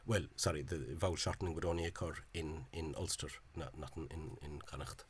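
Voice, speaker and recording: A man giving an informal spoken lecture over on-screen examples. He talks in a halting, hesitant way and is openly scornful of the official spelling. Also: very deep voice, slight background noise. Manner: hesitant and halting, with frequent pauses and restarts. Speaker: language enthusiast presenting a video lecture.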